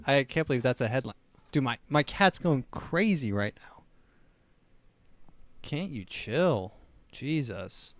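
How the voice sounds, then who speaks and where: A man's voice: mid-range voice, lively intonation, measured pace, long pauses, fairly bright tone, no room sound. A man hosting a casual solo talk show, rambling with many restarts. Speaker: host.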